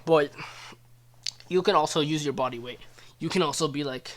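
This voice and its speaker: A man's voice: on the high side, normal speed. A young man casually teaching wrestling moves, loose and chatty, often checking in with "right?". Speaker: wrestling coach. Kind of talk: casual instructional video.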